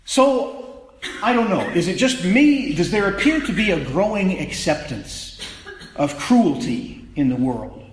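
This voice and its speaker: A man's voice: high voice, very animated, unhurried, reverberant, slight background noise, low-quality recording. A man preaching a sermon in a conversational, wry way that builds to emphatic peaks. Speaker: pastor.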